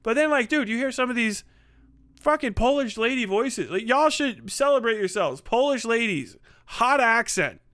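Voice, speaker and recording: Bright, profane middle-aged male streamer. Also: extremely high pitch, expressive, moderate pace, no echo, studio quality. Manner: profane, rambling, laughs often. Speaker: live streamer. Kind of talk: casual stream chat reading donations.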